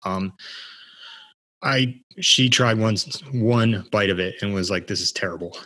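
A man with a fairly low voice chats loosely on a podcast. He rambles, restarts his sentences and laughs often as he goes. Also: takes it slowly, bright, forceful tone. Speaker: podcast co-host. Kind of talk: casual podcast chat.

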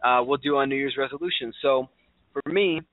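A man's voice: medium pitch, a little fast, no room sound. A man hosting a radio talk show in a casual, chatty way, laughing easily and quizzing his co-host. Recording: tinny phone-like sound.

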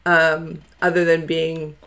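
A man's voice: a little high, monotone, slow pace, gravelly, fairly bright tone. A man hosting a podcast, hesitant with lots of fillers. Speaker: podcast host. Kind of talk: casual chat.

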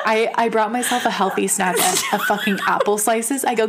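Animated, profane young woman telling a story. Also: a little high, normal speed, few pauses, a little hiss or hum. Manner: animated, profane, laughs often. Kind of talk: casual storytelling chat.

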